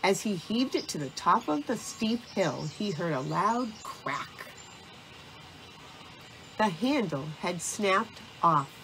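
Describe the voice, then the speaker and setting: A woman reads a children's storybook aloud at an unhurried, deliberate pace. Her voice sits at a middling pitch, with a faint hiss in the background. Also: sing-song, a bit bright. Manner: slow and deliberate. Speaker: storybook narrator. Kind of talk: scripted storybook narration.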